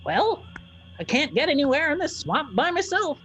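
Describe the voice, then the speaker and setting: A man's voice: extremely high pitch, sing-song, moderate pace, pushed and bright, voice pushed up, full character voice. A man voicing a tiny, ancient, bossy old woman who acts as a magical familiar, with a cackling, imperious manner.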